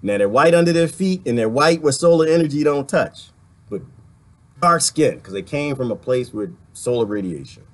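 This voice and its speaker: A man's voice: medium pitch, expressive, moderate pace. A man from the Washington, D.C. area, ranting sarcastically in a livestream while reading viewer comments, laughing often between points.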